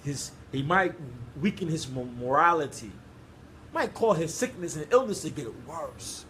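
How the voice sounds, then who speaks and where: A man's voice: fairly high pitch, animated, moderate pace, fairly bright tone, slight background noise, rough recording. A man giving an informal religious lecture, talking in an emphatic, repetitive, conversational way. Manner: repetitive, emphatic, conversational street-style English. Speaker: Islamic preacher.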